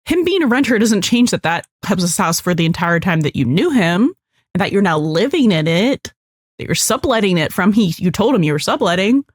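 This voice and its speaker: A woman's voice: medium pitch, sing-song, brisk, husky, no room sound, studio quality. A woman co-hosting a casual podcast chat, animatedly recapping a TV episode, acting out characters' lines and swearing freely. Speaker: podcast co-host.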